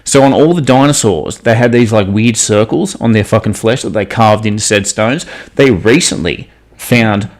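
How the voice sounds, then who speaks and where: A man co-hosting a podcast in casual chat, excitable and swearing constantly as he spins conspiracy talk. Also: lowish voice, moderate pace. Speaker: podcast co-host.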